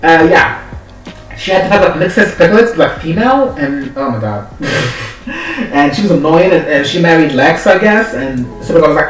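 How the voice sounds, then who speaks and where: A man's voice: a little high, very animated, moderate pace, reverberant, far from the mic, faint music behind, poor audio. A man ranting casually in a vlog, sassy and profane, often acting out characters' lines. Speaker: vlogger. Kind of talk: casual rant.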